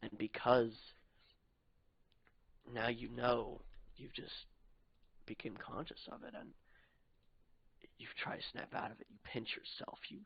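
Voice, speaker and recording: A young man improvising a spoken story in the second person, slow and hushed, sometimes dropping to a murmur. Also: mid-range voice, fairly even intonation, gravelly, breathy edge. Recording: dull dry lo-fi recording.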